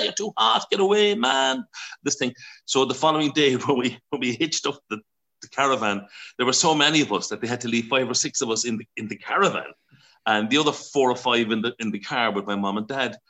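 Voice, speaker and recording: Chatty Irish man with a bright voice. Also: mid-range voice. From Ireland. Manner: chatty, laughs often, acts out voices in his stories. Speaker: broadcaster and interview guest. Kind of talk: casual storytelling interview.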